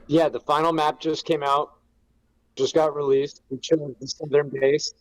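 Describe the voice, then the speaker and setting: Man, upbeat, fairly high voice, casual panel chat. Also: level tone, measured pace, slight background noise, rough recording. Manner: upbeat, promotional. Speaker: guest, event commander.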